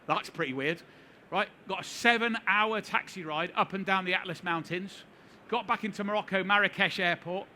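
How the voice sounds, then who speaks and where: A man's voice: sits high, moderate pace, pushed and bright, a little hiss or hum. A middle-aged man giving a seminar talk, telling a story to a live audience with wry, self-deprecating humor. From United Kingdom. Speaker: seminar speaker. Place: conference hall.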